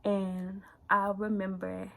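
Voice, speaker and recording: A young woman vlogger telling a personal story candidly in casual slang, often sinking to a hushed, near-whispered voice. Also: medium pitch, completely flat delivery, takes it slowly, gravelly, low-quality recording.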